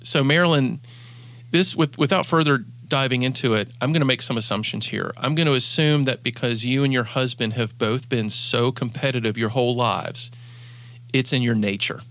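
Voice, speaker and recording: A man's voice: medium pitch, normal speed, fairly bright tone. A man hosting an advice show as a coach, telling stories earnestly and often restarting his sentences. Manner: earnest storytelling, frequent restarts. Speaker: podcast host and coach.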